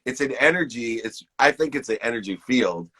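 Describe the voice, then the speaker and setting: A man's voice: medium pitch, animated, brisk, bright, forceful tone, slightly rough. A man in his fifties giving an enthusiastic, preachy pep talk to viewers on a live stream, hosting it from his phone. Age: 50s.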